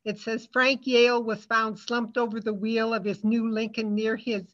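Woman author from Iowa, plainspoken, higher voice, dull lo-fi call audio. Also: flat delivery, normal speed, a bit bright. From Iowa, United States. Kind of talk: introducing and reading her book.

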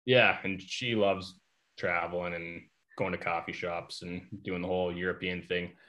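A man's voice: low voice, moderate pace. A young adult man, a guest in a casual chat, telling stories with lots of fillers. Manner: relaxed, filler-heavy storytelling. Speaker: guest, hockey player.

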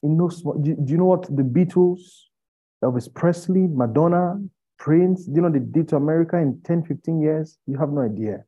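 A man preaching an impassioned sermon, firing rhetorical questions at his listeners and rising to loud pleading. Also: fairly high pitch, moderate pace, husky. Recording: dull lo-fi recording.

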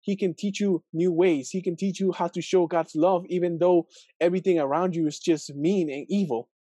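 Mellow-voiced man musing on scripture. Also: sits high, fairly even intonation, normal speed, no echo. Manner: thinking aloud, many fillers and rhetorical questions. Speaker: video host reflecting on scripture. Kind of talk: casual Bible reflection video.

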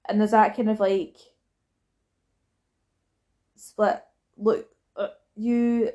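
A woman's voice: mid-range voice, flat delivery, extremely slow, warm tone, dull audio. A young Scottish woman chatting casually about a film, acting out the characters' lines as she retells scenes.

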